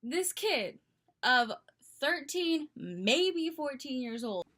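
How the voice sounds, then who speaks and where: A young woman tells a casual storytime into her webcam mic. Her voice sits a little high for a woman. She keeps it animated and dramatic and often slips into laughter. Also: takes it slowly. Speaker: vlogger telling a story.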